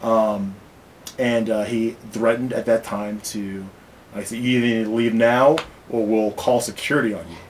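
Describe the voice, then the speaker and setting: A man with a fairly low voice tells his own story with many pauses, fillers and restarts. He sounds like a teacher describing a difficult day. A faint low rumble sits under the recording. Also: steady tone, low-quality recording. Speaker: teacher recounting an incident. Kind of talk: personal account to camera.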